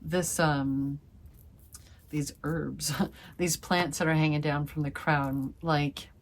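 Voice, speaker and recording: A woman's voice: sits low, flat delivery, slow pace. A woman giving a casual tarot reading to her viewers, gushing and effusive, calling them fam and swearing playfully. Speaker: tarot reader.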